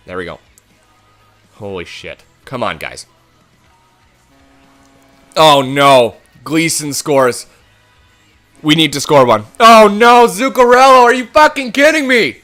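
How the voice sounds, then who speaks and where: A young man with a bright, forceful voice narrates his hockey game as he plays it. He mutters to himself and then bursts into swearing and angry yelling. Faint music plays behind him. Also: mid-range voice. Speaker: gaming YouTuber. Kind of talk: game commentary.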